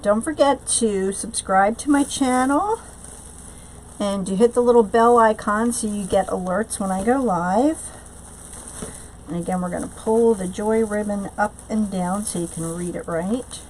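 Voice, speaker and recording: A woman of middling pitch hosts a live craft tutorial, talking loosely and chattily. She answers viewers' comments as they come in and pads her talk with fillers and restarts. A faint hiss sits under her voice. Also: unhurried, darkish tone, rough recording. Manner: frequent fillers and trailing restarts. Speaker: craft channel host.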